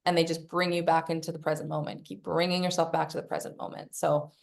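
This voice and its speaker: A woman's voice: deep voice, flat delivery, fast, gravelly. A woman hosting a podcast, giving casual self-help coaching, swearing freely and acting out her own inner voice. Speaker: podcast host.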